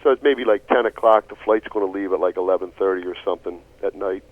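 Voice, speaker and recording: Philly radio co-host, a bit low, lively storyteller, tinny lo-fi line. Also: male voice, quick pace. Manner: animated, laughing storyteller, swears casually. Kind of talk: casual storytelling chat. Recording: tinny phone-like radio audio.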